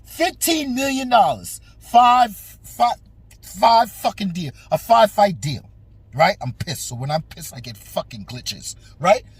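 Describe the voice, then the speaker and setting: A man's voice: high-pitched, sing-song, measured pace, slightly rough, dry recording. A man hosting a boxing talk show, ranting with lots of swearing and talking straight at the fighter. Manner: profane, emphatic, talks straight at the fighter. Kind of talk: animated opinion rant.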